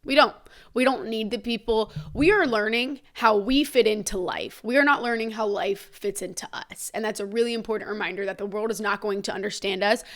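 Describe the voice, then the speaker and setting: A young woman hosting a solo podcast and talking straight to her listeners. She speaks bluntly and candidly, and she swears freely. Her pitch sits in the middle range for a woman. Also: brisk, a bit bright. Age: young adult. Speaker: podcast host.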